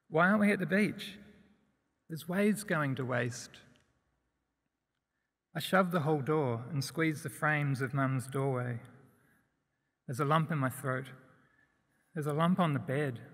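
A man reading a first-person story aloud in a plain, steady way. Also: fairly high pitch. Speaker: narrator. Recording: long hall reverb.

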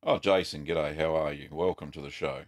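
Gravelly Australian man hosting a live stream. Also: a bass voice, normal speed. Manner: relaxed and chatty, frequent ums and uhs. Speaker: host.

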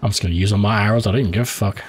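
A man's voice: on the low side, steady tone, racing, a little hiss or hum. A man hosting a let's play, giving profane, reactive commentary and thinking aloud as he plays. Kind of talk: live gameplay commentary.

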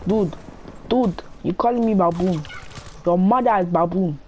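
A woman's voice: fairly low pitch, unhurried, dark tone, slight background noise. A woman with a Nigerian accent trash-talking in game voice chat, scolding and repeating herself. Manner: scolding, repetitive, threatening to slap. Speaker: gamer in voice chat.

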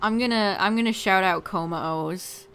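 A woman's voice: medium pitch, a little slow, a bit bright, smooth. A woman streaming a game and chatting casually with her viewers, laughing often. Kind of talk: casual live-stream chat.

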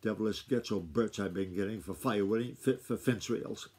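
A man reading the lines of a sharp-tongued older country woman, curt and scolding in rustic speech. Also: lowish voice, fairly quick, lightly acted. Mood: sniffy.

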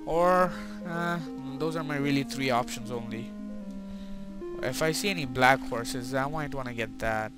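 A young man giving excitable gameplay commentary, talking to himself and to his in-game horse. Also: mid-range voice, measured pace, over music. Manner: excitable, talks to himself and his horse, frequent mild swearing. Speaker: gaming video creator.

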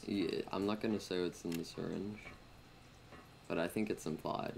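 A young man jokes and teases his way through a horror game with a friend, his voice sitting a little low. His commentary comes through a noisy gameplay capture. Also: steady tone, normal speed, creaky, a little mellow. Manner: joking, teasing banter. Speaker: gaming YouTuber. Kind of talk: casual let's-play commentary.

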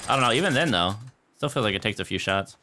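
Bright, lively young male gamer. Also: lowish voice, soft background music. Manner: excitable, joking, quick to laugh. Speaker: game streamer. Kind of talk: casual gameplay chat.

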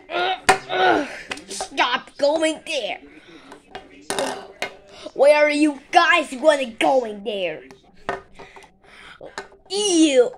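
Slow, high-pitched woman playing with toys. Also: vocal fry, background noise. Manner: broken English, slow and animated, scolding and squealing. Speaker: toy play narrator. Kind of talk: playful toy play with minion figures.

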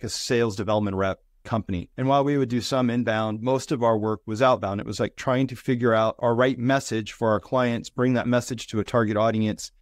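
A middle-aged man with a lowish voice, recorded dry and at studio quality, appears as a business consultant guest on an interview podcast. He earnestly and reflectively recounts lessons in short, building phrases, in a conversational, storytelling style.

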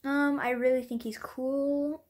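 At home, a woman vlogger shows off her collection in casual show-and-tell, her high-pitched, slightly mellow voice measured in pace and flat in delivery. She rambles, apologizes often, runs herself down, and sometimes drops to a whisper.

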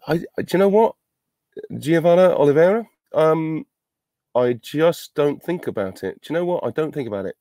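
A man's voice: mid-range voice, mellow, no room sound, studio quality. A middle-aged man, an actor, answering fan questions on a virtual panel, chatty and self-deprecating, thinking aloud as he goes.

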